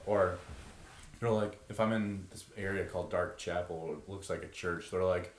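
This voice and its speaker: A young man co-hosts a podcast, telling stories in an animated, casual way and slipping into the voices of the people he quotes. His voice sits fairly low. The room behind him is roomy and echoing. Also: normal speed, slight background noise. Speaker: podcast co-host. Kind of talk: casual storytelling. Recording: roomy echo.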